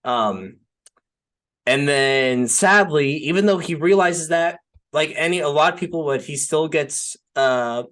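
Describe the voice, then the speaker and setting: A man's voice: fairly high pitch, measured pace, a bit bright. A young man co-hosting a podcast, talking casually and rambling with lots of fillers. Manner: rambling, filler-heavy, says "like" and "right?" often. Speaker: podcast co-host. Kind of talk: casual film discussion.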